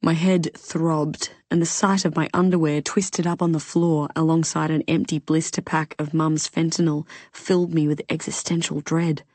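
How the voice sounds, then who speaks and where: Low-voiced woman narrating an audiobook. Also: level tone, moderate pace, hardly any pauses, a little mellow, no room sound. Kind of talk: first-person audiobook narration.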